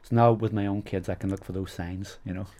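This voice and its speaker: A middle-aged man with a Northern Irish accent speaks in a fairly low voice. He tells stories as an interview guest in a chatty, rambling way, padding his sentences with "you know". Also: steady tone, fast talker, mellow. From Northern Ireland. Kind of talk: casual storytelling interview.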